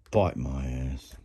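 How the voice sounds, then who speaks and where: A man hosting a casual workbench vlog, rambling and laughing, breaking into sudden high whoops. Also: background noise. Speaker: channel host. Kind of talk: casual tool-bench vlog.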